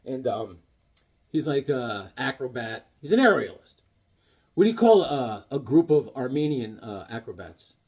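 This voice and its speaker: With a husky, darkish tone, big swings in pitch around a medium center, and a measured pace, a comic book vlogger chats about his collection. The talk is casual and comedic, wandering along with corny one-liners.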